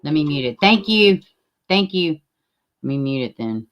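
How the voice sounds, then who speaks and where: Low-voiced woman streamer. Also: animated, moderate pace, dull audio, soft background music. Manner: chatty, swears casually, laughs often. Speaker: livestream host. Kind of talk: casual livestream reaction commentary.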